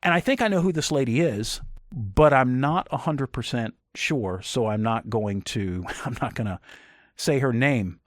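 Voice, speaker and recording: A man commentating casually on a video, joking and animated. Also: medium pitch, a little slow, no room sound, clean studio sound. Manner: animated, joking, self-interrupting.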